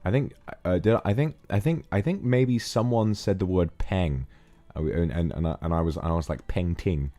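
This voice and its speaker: A man's voice: sits low, normal speed. A man with a British accent chatting casually on a stream, reading donations, rambling and laughing often. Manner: relaxed, rambling, laughs often, hums to himself.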